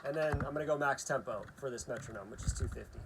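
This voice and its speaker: A man's voice: medium pitch, fast talker, music in the background, rough recording. Chatty man teaching drum rhythms. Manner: relaxed, chatty, counts rhythms aloud. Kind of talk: casual demonstration lesson. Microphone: phone camera aimed at a practice pad.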